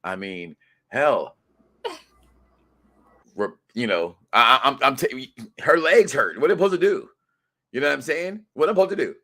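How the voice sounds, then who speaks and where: A man co-hosting a live review stream, joking in animated, loud-and-soft bursts. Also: mid-range voice, normal speed, long pauses. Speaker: co-host of a reality show review.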